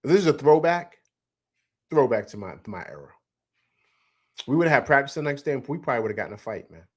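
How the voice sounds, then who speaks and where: This fast-talking middle-aged man, with a mid-range voice, runs a live postgame sports show. He reads viewers' chat comments aloud and replies with animated emphasis, repeating his points.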